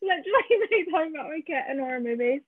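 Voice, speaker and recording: A woman co-hosting a podcast over a remote call, chiming in with quick, enthusiastic reactions. Her voice is high. It comes through a tinny, phone-like line with no room sound at all. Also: animated, no echo. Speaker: podcast co-host. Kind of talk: casual film chat.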